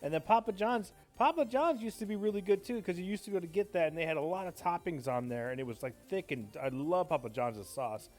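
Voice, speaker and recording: High-pitched and quick, this gamer barely pauses as he rambles and swears through casual streaming chat. He's excitable, and faint game music plays in the background.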